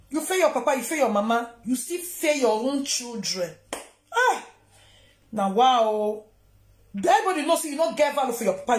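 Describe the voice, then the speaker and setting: A Nigerian woman vlogger ranting to camera, scolding and taunting someone. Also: sits high. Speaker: social media vlogger. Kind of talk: confrontational rant to camera. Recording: roomy echo.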